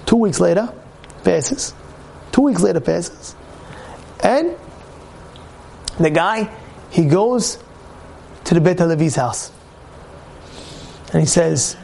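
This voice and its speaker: A man telling a story in a lively sermon, often repeating words as he goes. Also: on the high side, slow, vocal fry, long pauses, slight background noise. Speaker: rabbi teaching a Torah class.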